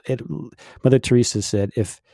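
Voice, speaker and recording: On a casual faith podcast, a middle-aged male co-host gives long explanations packed with fillers. His medium-pitched voice is warm and steady, at a normal speed, in a dry, clean studio recording.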